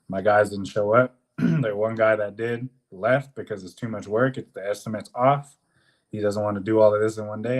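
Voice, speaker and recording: A young man co-hosting a podcast, telling a work story in a casual, animated way, swearing often and acting out what people said. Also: on the low side. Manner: animated, profane, swears often, acts out quotes. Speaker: podcast co-host.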